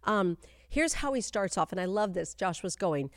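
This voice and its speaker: A woman's voice: mid-range voice, lively intonation, moderate pace, no echo, studio quality. Emphatic woman teaching the Bible. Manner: emphatic, repeats key phrases for emphasis; addresses listeners directly, urging them to stay with her. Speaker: spiritual coach. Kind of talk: Bible teaching for a YouTube channel and podcast.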